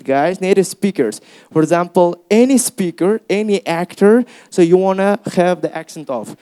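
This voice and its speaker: A young man with an Uzbek accent teaching a speaking workshop to a class, lively and encouraging, often calling them guys. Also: sits high. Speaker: English teacher. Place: classroom with students.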